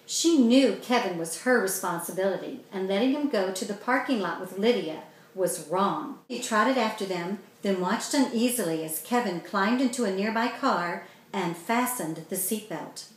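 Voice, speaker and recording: A woman author reading her children's story aloud in a steady, clear way. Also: medium pitch, normal speed, hardly any pauses. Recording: very echoey room.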